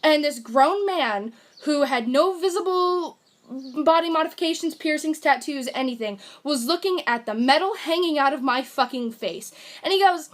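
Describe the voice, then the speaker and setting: A woman's voice: high-pitched, animated, moderate pace. A woman, a former retail worker, telling a story in a casual, annoyed way with lots of fillers. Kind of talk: personal story to camera.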